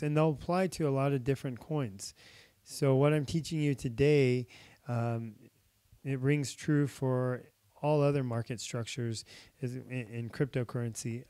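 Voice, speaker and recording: A man's voice: mid-range voice, warm tone, smooth, no echo. A young man hosting a casual trading tutorial, talking through charts with many fillers while he is losing his voice. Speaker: crypto trading channel host.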